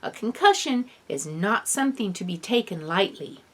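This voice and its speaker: A woman's voice: medium pitch, big pitch swings, normal speed, a bit bright. A woman reading the part of a caring, matter-of-fact mother in a storybook. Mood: concerned.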